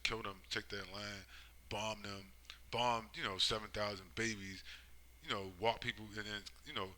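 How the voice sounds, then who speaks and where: A man's voice: on the low side, pushed and bright, rough recording. A man giving a rambling, profane monologue, driving his points home with constant tag questions. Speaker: commentator. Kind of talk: casual monologue.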